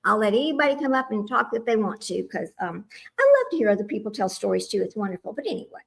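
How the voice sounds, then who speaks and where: A woman's voice: medium pitch, very animated, quick pace, gravelly, husky. A woman hosting a casual livestream, chatty and addressing viewers by name, flustered and muttering to herself over technical trouble. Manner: flustered with tech, muttering asides. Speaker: livestream host. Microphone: small microphone.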